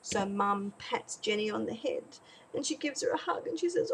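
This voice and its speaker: A woman, a parenting educator, tells a teaching story in an animated way and acts out the characters as she goes. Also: mid-range voice, normal speed, slight background noise, poor audio. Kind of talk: storytelling lesson.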